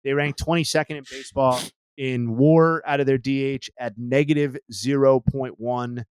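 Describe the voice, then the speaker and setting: A man's voice: mid-range voice, fairly even intonation, normal speed, clean tone, dry recording. A man co-hosting a podcast in casual chat, rambling with frequent fillers and dry jokes. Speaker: podcast co-host.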